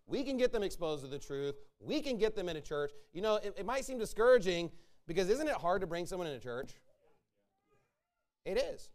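A man preaching a sermon to his church, emphatic and repetitive as he rallies his listeners. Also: fairly high pitch.

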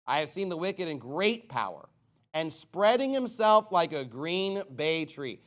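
A man preaching a sermon and reading scripture aloud, swinging between loud emphatic bursts and low quiet asides, with sarcastic jabs at critics. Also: big pitch swings, measured pace. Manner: reads scripture aloud in King James wording.

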